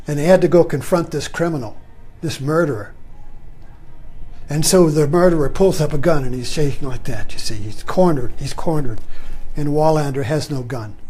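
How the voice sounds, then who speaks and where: A man giving a rambling, meditative spiritual talk, often trailing off into a soft, low "you see.". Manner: repeats "you see" softly, drops low at phrase ends; rambling, conversational, with chuckles. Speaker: spiritual teacher.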